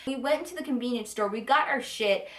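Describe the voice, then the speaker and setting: A young woman telling a casual storytime, chatty and animated with lots of swearing. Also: on the high side, quick pace. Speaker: vlogger. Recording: echoey room.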